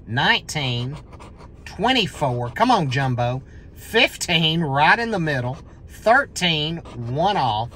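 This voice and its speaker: Someone hosting a scratch-off lottery video calls out numbers while scratching and bursts into excited shouts whenever there's a win. The voice is mid-range, with a faint hiss or hum on the audio.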